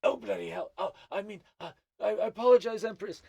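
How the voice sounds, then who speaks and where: A man's voice: fairly quick, vocal fry, mellow, slightly rough, no echo, heavily acted. A man voicing a jittery male gnome sentry who groveling apologizes and uses British slang. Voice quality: squeaky high put-on voice.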